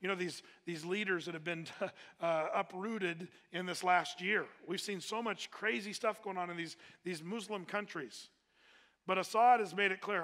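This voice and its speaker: A man's voice: high-pitched, measured pace, pushed and bright. A man preaching a sermon in a casual, conversational way, with plenty of fillers and restarts. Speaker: pastor. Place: church hall. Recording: echoey hall with long reverb.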